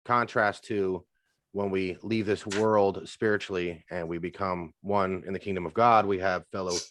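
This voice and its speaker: A man co-hosting a casual faith-themed chat, speaking calmly and reflectively. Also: deep voice, moderate pace, slight background noise. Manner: calm, reflective, short agreeing replies. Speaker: co-host.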